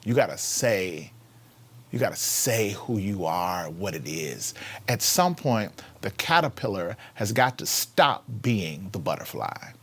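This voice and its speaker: A man hosting a casual inspirational talk. He repeats key phrases for emphasis and swings from loud, lively emphasis to hushed whispers. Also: deep voice, a little slow, breathy edge. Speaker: host.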